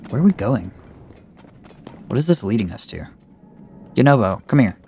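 A man giving let's play commentary, talking to himself and reacting aloud with excitement as he plays. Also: on the high side, moderate pace, vocal fry, pauses often, slight background noise. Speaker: gamer. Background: game music.

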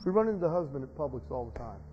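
A man preaching a sermon as pastor, telling stories and building to loud, emotional preaching. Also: medium pitch, very animated, rapid-fire, slight background noise. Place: church sanctuary. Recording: dull sound in a reverberant church hall.

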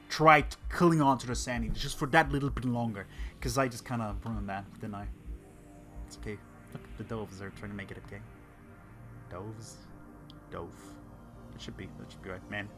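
A man hosting a let's play, rambling through excitable, sarcastic gameplay commentary. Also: medium pitch, brisk. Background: faint game music.

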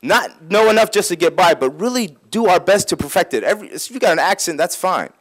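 A man's voice: high voice, sing-song, a little fast. A man giving a religious talk, explaining points patiently and repeating key phrases for emphasis. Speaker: Islamic speaker.

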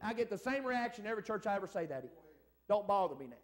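High-voiced preacher calling for amens. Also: male voice, big pitch swings, fast talker. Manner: folksy preaching with call-and-response amens. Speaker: evangelist. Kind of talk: revival sermon. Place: church service.

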